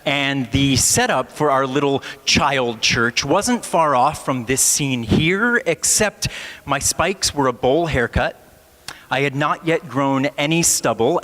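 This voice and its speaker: A man from Ohio, a pastor in his thirties, tells a wry, self-mocking story from the pulpit at an unhurried pace. His mid-pitched voice rings out with the long reverb of a large church hall. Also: bright, forceful tone. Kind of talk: sermon with personal storytelling.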